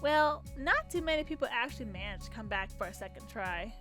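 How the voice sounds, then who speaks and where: A woman voicing an energetic, sporty teenage girl while reading a visual novel aloud. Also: fairly high pitch, a little fast, faint music behind. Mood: perky.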